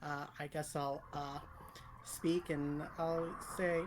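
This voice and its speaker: Low-voiced woman playing a tabletop game. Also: level tone, slow pace, slight background noise. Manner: hesitant, many fillers. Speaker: player.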